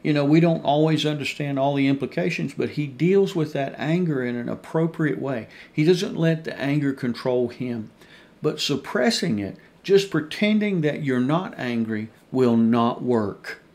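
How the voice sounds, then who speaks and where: A man's voice: fairly high pitch, normal speed, a little mellow. A man pastor teaching a Bible study in an earnest manner, repeating his key points and calling his listeners dear friends.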